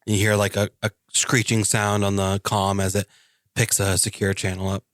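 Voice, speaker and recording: A man's voice: lowish voice, completely flat delivery, normal speed, heavy background noise. A man playing a tabletop game, loosely describing his droid character's actions. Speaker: player.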